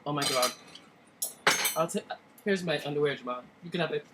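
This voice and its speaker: This is an adult man raving about a cheap dinner, gushing and over the top, as a man imitates his friend. The voice sits high for a man and stays near the performer's own. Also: fairly quick, heavy background noise, lightly acted. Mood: impressed.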